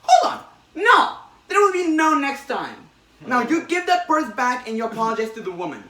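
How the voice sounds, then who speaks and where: A brash young comic-book hero barking orders at a crook in a loud, bossy voice that rides very high, as a man acts him out. The sound is bright and echoey, with the mic a little way off. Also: very animated, normal speed, heavily acted. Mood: scolding. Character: brash young male superhero scolding a crook.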